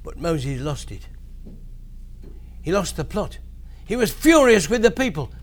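Animated man telling kids a Bible story. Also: fairly high pitch, measured pace, a little hiss or hum. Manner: animated storytelling, loud swings in voice. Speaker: preacher to children. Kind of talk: children's Bible talk.

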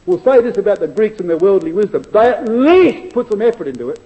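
A man preaching a sermon in a high, mellow voice. He speaks earnestly and with emphasis, slowing right down to stress each quoted verse. His loudness swings widely, sinking at times to a near hush. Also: very animated, poor audio.

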